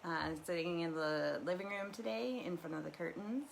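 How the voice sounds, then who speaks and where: A woman's voice: lowish voice, brisk, vocal fry, a little hiss or hum, rough recording. A middle-aged woman talking candidly and rambling from her living room as host of a live stream. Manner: rambling, candid, lots of restarts. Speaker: livestream host. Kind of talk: casual personal talk.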